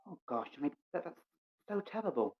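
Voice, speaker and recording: A woman's voice: deep voice, sing-song, brisk. Earnest woman player, lo-fi sound. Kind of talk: in-character tabletop play. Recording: dull lo-fi recording.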